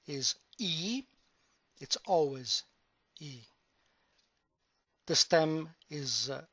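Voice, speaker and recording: A man teaching a grammar lesson, explaining slowly and deliberately and drawing out example words. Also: on the high side, creaky, fairly bright tone, dry recording. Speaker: language teacher. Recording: dull, dry lo-fi sound.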